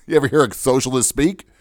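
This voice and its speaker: A man's voice: medium pitch, a little fast, no room sound, clean studio sound. A man hosting a podcast, talking off the cuff in a sarcastic, self-mocking way about money. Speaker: podcast host. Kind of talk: unscripted podcast monologue.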